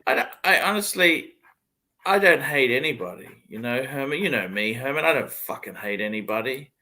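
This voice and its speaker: Male livestream host, blunt and profane, bright tense tone. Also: mid-range voice, expressive, brisk. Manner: blunt, swears a lot. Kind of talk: casual chat.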